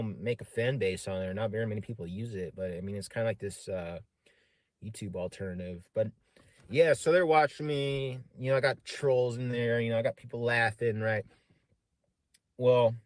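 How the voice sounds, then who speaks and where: A man's voice: medium pitch, no room sound. A man casually telling a long story on a live stream, rambling with many fillers and frequent swearing.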